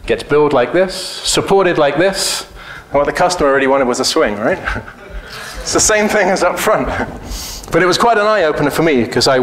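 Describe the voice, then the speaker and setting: Man speaker, slightly high voice, blunt, profane and joking, in an echoey hall with a faint hum behind him. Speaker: conference speaker. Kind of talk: casual conference talk. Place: conference hall.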